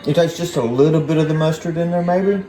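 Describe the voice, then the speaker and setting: A man's voice: fairly high pitch, fast talker, dark tone, roomy sound, a little hiss or hum, rough recording. A man taste-testing a home-cooked meal on a cooking vlog. He is laid-back, talks while chewing, and teases dryly. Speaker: husband taste-testing the food. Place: home kitchen.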